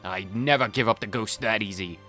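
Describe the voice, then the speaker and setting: A man voicing a forgetful old male ship captain in a video game playthrough, speaking in a gruff drawl. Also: medium pitch, huge pitch swings, slow pace, darkish tone, faint music behind, full character voice.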